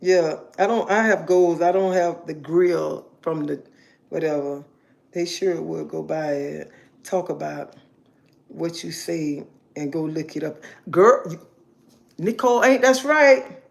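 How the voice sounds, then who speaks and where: A woman's voice: sits low, a little slow, vocal fry. A woman hosting a casual livestream, talking in a bossy, scolding way, repeating herself and checking in with "okay?". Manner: bossy, repetitive, scolding, keeps asking okay. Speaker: livestream host.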